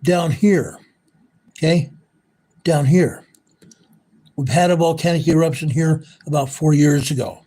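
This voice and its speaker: A man's voice: fairly high pitch, measured pace, pauses often, mellow. A man hosting an online news show, talking casually and repetitively as he points out spots on a map.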